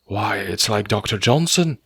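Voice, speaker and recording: Timid, deferential provincial landlord, read by a man, soft and apologetic, dry close sound. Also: low-pitched, animated, unhurried, creaky, no room sound, heavily acted. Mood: awed. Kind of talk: audiobook character voice.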